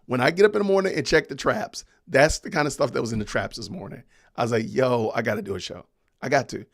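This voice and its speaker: Recorded in studio quality with no room sound, this man hosts a podcast livestream. In a medium-pitched voice, he chats casually, reads out viewer comments, and laughs often.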